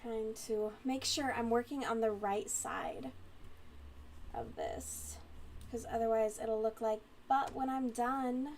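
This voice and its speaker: A woman's voice: fairly high pitch, fairly even intonation, slow, a little hiss or hum. A woman hosting a crochet livestream, chatting casually and rambling as she reads comments aloud, often giggling.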